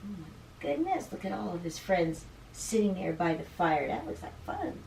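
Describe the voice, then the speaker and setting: A woman reading a picture book aloud to children as a teacher. She stops to explain words and sounds animated. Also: lowish voice, normal speed, creaky, slight background noise. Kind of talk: read-aloud storytime. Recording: roomy room, distant mic.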